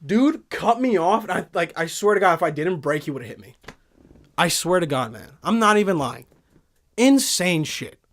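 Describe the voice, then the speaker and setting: A man in his twenties hosting a casual podcast chat from a studio, excitable and profane, forever saying dude. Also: sits high, moderate pace. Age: 20s. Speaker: podcast host. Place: recording studio.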